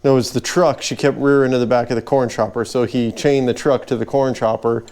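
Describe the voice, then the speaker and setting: A man's voice: mid-range voice, steady tone, fairly quick, a little mellow, clean tone. A man, a farmer and channel host, chatting casually and teasing while he repairs an old tractor in his workshop. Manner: easygoing, teasing, laughs often. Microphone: handheld camera held by another person.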